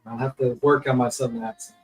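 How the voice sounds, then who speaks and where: A man's voice: medium pitch, level tone, fast, far from the mic, soft background music, rough recording. A man on a livestream panel giving blunt, exasperated commentary. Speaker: panel guest.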